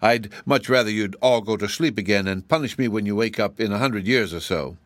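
A man's voice: lowish voice, brisk, dry recording, close to an everyday voice. A man voicing a small, frightened green monkey who talks nervously and pleads.

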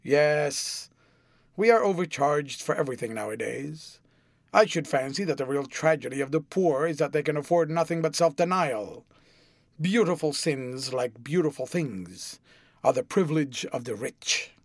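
A languid, witty gentleman of leisure who tosses off cynical epigrams in an airy, amused drawl, as a male narrator puts him on. His voice sits a little high and is heard close and dry, with no room sound, in an audiobook. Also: lively intonation, normal speed, no echo.

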